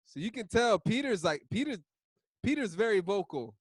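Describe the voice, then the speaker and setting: Talkative man leading a casual bible study, slangy and fairly high-voiced, dry close sound. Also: expressive, brisk, no room sound. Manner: chatty, laughs often, uses slang.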